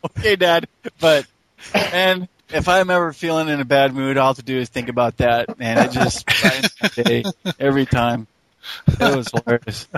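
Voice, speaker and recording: Bright-voiced man telling a funny memory. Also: medium pitch, expressive, normal speed, dry recording. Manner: amused, laughs as he tells. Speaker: podcast co-host. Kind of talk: casual storytelling.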